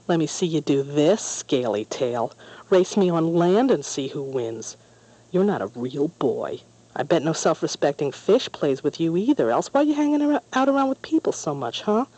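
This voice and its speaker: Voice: mid-range voice, lively intonation, moderate pace, warm tone, close to an everyday voice, low-quality recording. A storyteller voicing a spiteful young boy who sneers and taunts, reading from a storybook. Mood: taunting. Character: spiteful jeering human boy.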